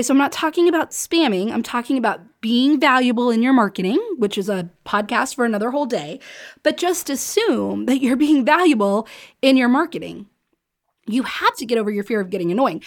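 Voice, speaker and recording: Chatty higher-voiced woman podcast host. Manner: chatty, emphatic, laughs often, acts out quotes. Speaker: podcast host and business coach. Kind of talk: solo podcast talk.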